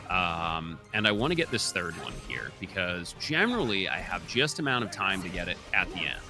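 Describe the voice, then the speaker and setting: Young male speedrunner, lowish voice, lively and animated delivery, casual and explanatory. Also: normal speed, over music. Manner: chatty and explanatory, frequent filler ums. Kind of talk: live speedrun commentary.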